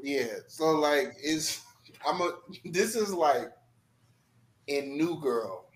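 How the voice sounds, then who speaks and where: A man's voice: a little high, animated, slow, poor audio. A man who is a guest on a casual podcast, teasing playfully and often laughing while he talks. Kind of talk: casual chat.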